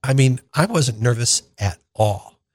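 A man in his sixties from northern Minnesota, a deacon and radio host telling a personal story in a conversational, animated way. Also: mid-range voice, a little slow, no echo. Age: 60s. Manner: conversational, animated retelling with acted-out quotes.

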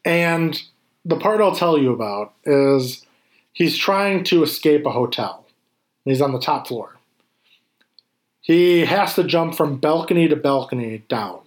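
Casual male talker, fairly high voice, animated and profane. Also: a little slow. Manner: animated, swears freely, acts out scenes. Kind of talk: casual chat.

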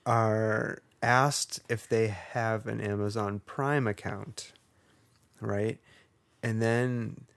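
A man's voice: fairly low pitch, creaky, dry recording. A man co-hosting a podcast, ranting sarcastically and swearing a lot. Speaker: podcast co-host. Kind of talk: casual podcast rant.

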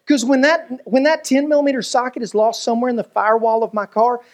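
A man's voice: very high-pitched, fairly even intonation, fast, slight background noise. Male pastor, humorous sermon storyteller who acts out the voices in his stories.

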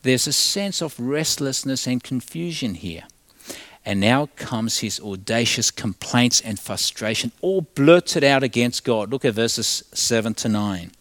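A male pastor delivers a sermon with a lively, rising and falling voice. He leans hard into emphatic lines, then drops to a near hush. The sound is dry and close, with little room tone. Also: mid-range voice, measured pace, no room sound. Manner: expressive preaching, swinging from loud emphasis to hushed tones.

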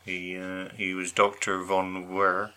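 A man's voice: low-pitched, completely flat delivery, slow, sharp tone, clean tone. A man co-hosting a casual podcast chat, bantering in a dry, teasing way. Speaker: podcast co-host.

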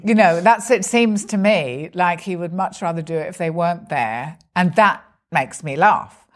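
Brief: woman comedian, low voice, loose and chatty, acts out quoted voices. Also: normal speed. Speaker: stand-up comedian. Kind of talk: conversational interview.

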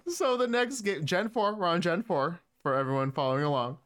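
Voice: mid-range voice, brisk, fairly bright tone. A podcast co-host in casual gaming chat, playful and teasing.

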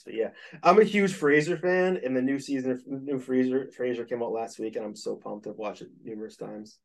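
A man's voice: mid-range voice, brisk, vocal fry, hardly any pauses. A man who is a guest on a podcast, chatting casually and eagerly. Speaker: guest musician. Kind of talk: casual chat.

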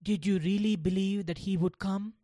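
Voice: medium pitch, fairly even intonation, normal speed, warm tone, no echo, pitched above the performer's own voice, close to an everyday voice. A narrator playing a stern schoolteacher. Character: schoolteacher, stern then humbled.

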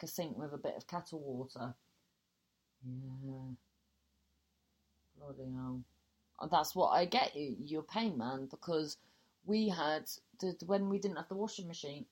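A woman hosts a chatty radio show, reading listeners' messages aloud and reacting with lively exclamations that jump high in surprise. Her everyday speaking voice sits on the low side. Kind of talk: chatty radio phone-in style presenting.

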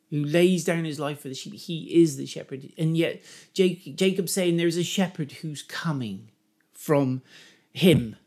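Animated higher-voiced man teaching the Bible. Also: measured pace. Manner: animated, emphatic, stops to explain the text.

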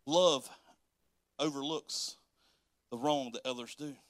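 A man's voice: medium pitch, slow, dry recording, studio quality. A man preaching a sermon as pastor, folksy and dialect-heavy, laughing often and acting out quotes.

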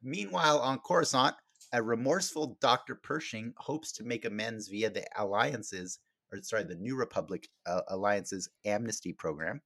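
A man's voice: lowish voice, moderate pace, vocal fry, pushed and bright, no echo, clean studio sound. A man hosting a podcast, chatting casually and rambling, with many fillers and restarts. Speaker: podcast host.

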